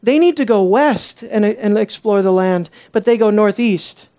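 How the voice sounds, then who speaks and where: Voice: mid-range voice, measured pace, dark tone. Conversational Bible teacher asking listeners questions. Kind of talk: expository sermon.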